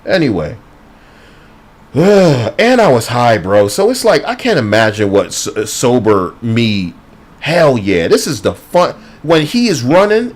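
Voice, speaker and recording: A man's voice: medium pitch, wildly swooping pitch, unhurried. A man giving a heated, profane, sarcastic movie review as a ranting vlogger.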